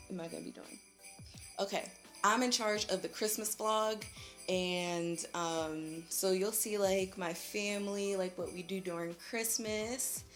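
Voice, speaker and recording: A young woman talks casually to camera as she does her makeup, chatty and full of slang, laughing easily. Her voice sits at an ordinary middle pitch, with faint music playing behind her. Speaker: beauty vlogger. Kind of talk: casual vlog chat while doing makeup.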